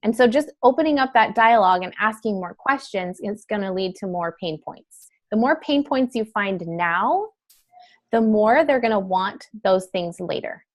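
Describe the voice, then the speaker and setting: A woman teaching a class in a chatty, casual way, with many fillers and quick switches into acted examples. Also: medium pitch, lively intonation. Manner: chatty, filler-heavy, breaks into role-play quotes. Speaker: wellness sales trainer. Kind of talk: casual instructional talk.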